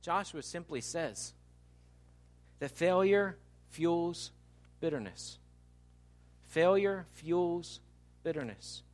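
A male pastor delivering a sermon in a fairly high voice. He talks with animated energy, dropping to quiet asides and then building to loud, emphatic lines. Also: slow, pauses often.

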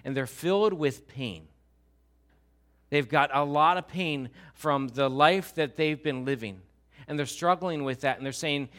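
A man's voice: on the high side, a little slow, fairly bright tone. A man preaching a sermon in a church, talking to the congregation in a conversational way and joking with them. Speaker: pastor.

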